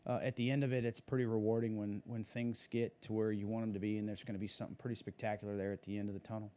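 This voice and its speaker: Mellow-voiced racing driver, rambling. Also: male voice, on the low side, level tone, rapid-fire. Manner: rambling, many fillers and restarts. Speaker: guest, sprint car driver. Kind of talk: casual interview talk.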